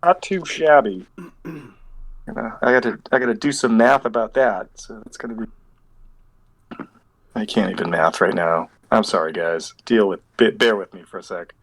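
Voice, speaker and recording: Man, game master, tabletop game, rambling, thinks out loud, online call. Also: lowish voice, normal speed, poor audio. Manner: rambling, thinks aloud while doing dice math.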